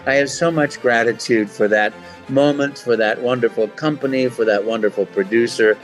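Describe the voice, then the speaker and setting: A man's voice: mid-range voice, moderate pace, soft background music. A man, a voice actor, telling stories in a casual interview and acting out the voices. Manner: animated, acts out voices in anecdotes. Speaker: voice actor guest.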